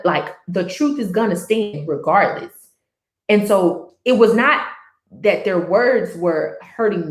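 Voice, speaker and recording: Woman vlogger, mid pitch, earnest and rambling, with a roomy echo. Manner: earnest, rambling with many restarts and fillers. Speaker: book chat vlogger. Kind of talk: casual personal reflection.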